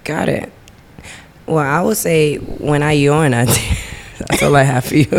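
A chatty woman co-host on a casual podcast, with a gravelly, creaky edge to her voice. She laughs easily and talks in loose, informal grammar. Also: deep voice, measured pace.

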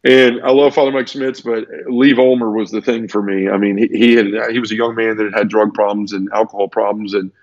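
A man's voice: lowish voice, steady tone, fairly quick, few pauses, dry recording, muffled recording. A man earnestly telling his personal conversion story in a conversational interview, tumbling through it with restarts. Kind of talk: conversational testimony.

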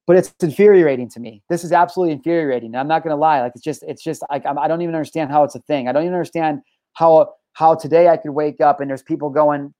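A man's voice: a little high, fast talker, dark tone, no echo. A man hosting his own podcast, ranting in a heated, profane way and hammering his points through repetition. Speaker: podcast host.

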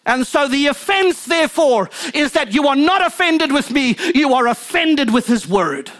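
A man preaching a sermon from the pulpit as pastor, fervent and emphatic, building intensity then dropping low. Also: big pitch swings, normal speed, a bit bright.

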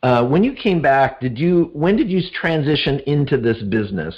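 A man hosting an interview who asks halting, reflective questions and murmurs agreement. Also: medium pitch, very animated. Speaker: podcast host. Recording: dull lo-fi sound.

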